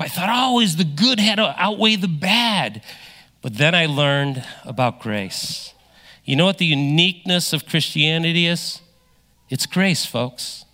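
Middle-aged male pastor, emphatic sermon delivery, high and bright. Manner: emphatic preaching, swinging from loud to hushed.

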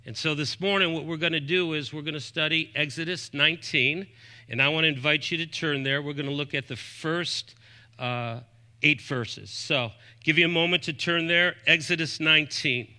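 A man in his fifties preaching a sermon as pastor, emphatic, moving between raised points and soft asides, quoting scripture references. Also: a little high, moderate pace. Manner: often quotes scripture references aloud.

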